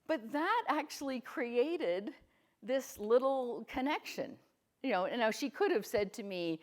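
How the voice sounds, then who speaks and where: A middle-aged woman from Canada giving a conference talk, questioning the audience and telling lively stories. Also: on the low side, a little slow. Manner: lively storytelling, often quotes people. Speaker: guest speaker. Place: conference room.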